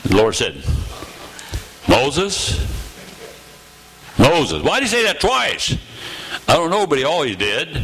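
A man in his eighties preaching a sermon in a church, telling stories with dramatic pauses and slowed phrases. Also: on the high side, huge pitch swings, bright, forceful tone, a little hiss or hum, poor audio. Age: 80s.

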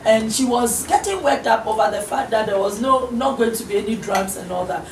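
A middle-aged woman minister talks to an interviewer in an earnest, encouraging way. Her voice sits fairly high. The audio is roomy and picked up from a distant mic. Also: animated, fairly quick, slight background noise. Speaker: guest minister.

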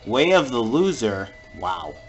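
A man giving jokey let's-play commentary over a video game and reacting with sudden loud exclamations. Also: mid-range voice, sing-song, takes it slowly, lo-fi sound, faint music behind. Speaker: gamer playing through a video game.

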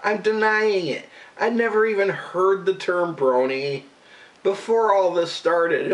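A man's voice: high voice, measured pace, far from the mic, rough recording. A man ranting casually, rambling and swearing, with an exasperated, disbelieving manner. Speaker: radio show regular and vlogger. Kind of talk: casual profane rant to camera.

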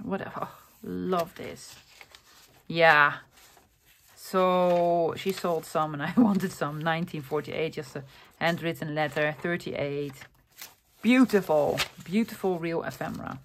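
A woman's voice: on the low side, slight background noise. A woman vlogger casually showing off a haul of thrift finds, talking in an enthusiastic, rambling way with lots of fillers and self-corrections. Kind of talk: casual chatty show-and-tell.

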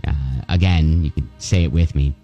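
A man's voice: rumbling low, steady tone, normal speed, dark tone, muffled recording, faint music behind, pitched below the performer's own voice. A man putting on a haughty male head of a French department on a prank call, with a condescending, stammering manner. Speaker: prank caller.

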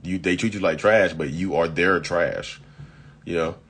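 A man's voice: deep voice, measured pace, fairly bright tone, slightly rough. A man hosting a casual live chat, reading viewer comments and answering bluntly, still coughing from an illness. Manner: blunt, chatty, addresses viewers as y'all. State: getting over illness, coughing. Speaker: live-stream host.

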